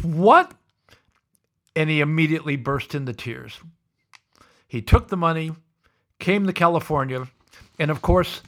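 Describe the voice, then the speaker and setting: A male host spinning a story at a brisk, chatty clip, his voice jumping up in pitch whenever he plays the people in it. The pitch sits in an ordinary middle register. The delivery is animated and conversational. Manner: acts out the people he quotes with lively pitch jumps. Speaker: podcast host.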